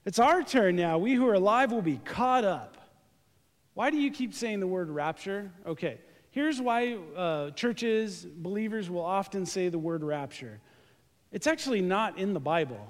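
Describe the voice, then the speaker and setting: A man preaching a lively, joking sermon, speaking straight to his congregation during a live church service. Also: sits high, moderate pace. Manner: joking, animated, talks to the congregation directly. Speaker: pastor. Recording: live church recording with long hall reverb.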